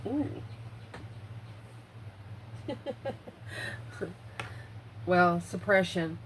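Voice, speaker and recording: Woman tarot reader, mid pitch, breathless, blunt and profane, faint background noise. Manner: blunt, swears freely, muses aloud over the cards. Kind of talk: casual tarot reading.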